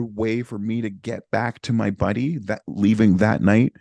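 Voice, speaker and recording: Podcast co-host, male, very low voice, dry close sound, lively storyteller who acts out the people in his stories. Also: moderate pace, vocal fry, no room sound. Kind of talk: casual storytelling.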